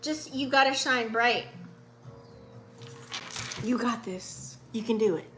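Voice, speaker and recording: Bright, profane motivational woman vlogger. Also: a little high, slow, faint music behind. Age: 30s. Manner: casual, profane, heartfelt pep talk with many fillers. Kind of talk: motivational spiritual vlog talk.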